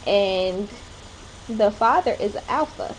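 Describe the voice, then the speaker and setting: A woman's voice: mid-range voice, lively intonation, takes it slowly, slight background noise, rough recording. A young woman chatting casually in a home vlog, rambling along with short laughs. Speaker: vlogger. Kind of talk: casual chat.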